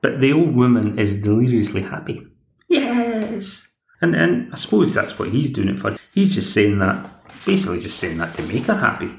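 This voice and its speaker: A man's voice: fairly low pitch, expressive, fairly quick, vocal fry, reverberant, slight background noise. A Scottish man hosts a podcast, recapping a TV episode in a chatty, rambling way. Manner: chatty, rambling, plays the characters' lines himself. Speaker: podcast host.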